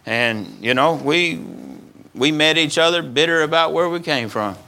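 A man's voice: on the high side, measured pace, creaky, sharp tone. A middle-aged male pastor preaching an earnest sermon, often acting out the voices of stubborn, angry people and repeating his words as he goes.

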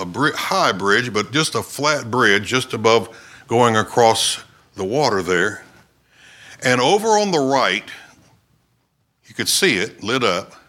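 Bright-voiced man preaching a story. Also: lowish voice. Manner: storytelling sermon, shouting quoted cries. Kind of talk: sermon illustration.

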